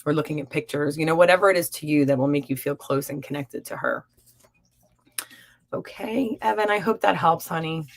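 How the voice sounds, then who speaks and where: Young woman, low voice, live-stream host, warm, encouraging, chatty. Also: brisk. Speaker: psychic reader hosting a live stream. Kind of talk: live-stream chat reading viewer comments.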